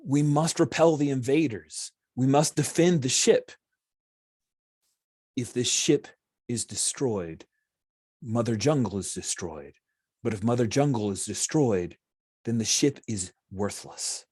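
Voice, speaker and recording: A man's voice: mid-range voice, a little slow, darkish tone, slightly rough. A man voicing an alien warrior who urgently pleads to defend the ship and the jungle.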